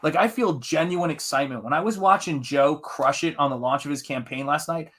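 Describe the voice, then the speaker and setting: Enthusiastic middle-aged man, slightly high voice. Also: brisk, a bit bright. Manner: enthusiastic, rambling, talks to the chat. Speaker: artist hosting a live stream. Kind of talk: casual live-stream chat while painting.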